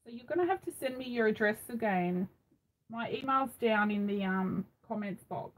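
A woman's voice: fairly high pitch, animated, normal speed, low-quality recording. A middle-aged Australian woman hosting a craft live stream, chatting casually and rambling with frequent ums, recorded on a phone. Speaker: craft channel host.

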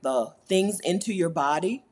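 A woman hosting a casual live stream, reading chat comments aloud, animated and laughing often, repeating her points for emphasis. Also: on the low side, a little slow, slightly rough. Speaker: YouTube host answering live chat.

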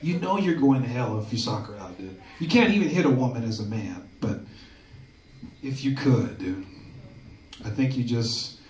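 A man's voice: mid-range voice, animated, moderate pace, darkish tone, a little hiss or hum. A man doing a loose, crude stand-up comedy set, often tagging lines with "dude". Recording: echoey room from far off, crowd laughter.

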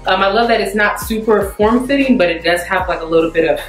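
A woman's voice: medium pitch, fast talker. Chatty exasperated woman vlogger, echoey room. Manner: chatty, exasperated, frequent "like" fillers. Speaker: fashion vlogger. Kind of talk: casual try-on haul chat. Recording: echoey room with faint music.

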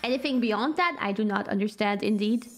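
A woman's voice: medium pitch, fairly quick, a little hiss or hum. A young woman streaming a game, gasping and reacting playfully as she reads in-game text aloud.

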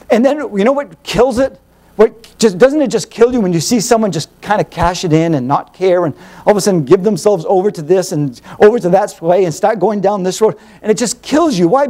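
Animated high-voiced male preacher. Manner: animated, acts out little dialogues, rhetorical questions. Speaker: pastor. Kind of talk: sermon teaching.

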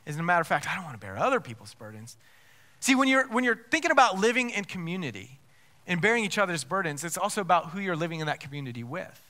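A man's voice: sits high, very animated, fast, bright, forceful tone. A man preaching a sermon as pastor, emphatic, with rhetorical questions and frequent restarts.

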